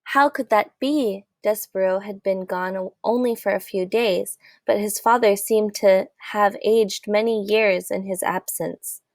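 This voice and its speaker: A woman reading a children's novel aloud in a gentle, measured storytelling voice. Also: mid-range voice, no room sound, clean studio sound. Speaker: audiobook reader. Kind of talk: storybook narration.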